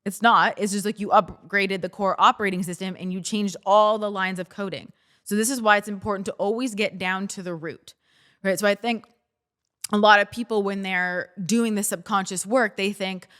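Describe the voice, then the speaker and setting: A woman hosts a self-help podcast in a relaxed, conversational coaching manner. She speaks straight to her listeners and now and then acts out their excited reactions in quick quoted asides. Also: mid-range voice. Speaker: podcast host. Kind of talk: casual self-help talk.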